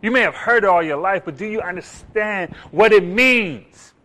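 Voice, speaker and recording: A man delivers a sermon with a high, bright, ringing voice. He is animated, slipping into little acted-out voices and rising loud to hit his points. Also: moderate pace. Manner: animated, acts out voices, rises loud for emphasis. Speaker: preacher.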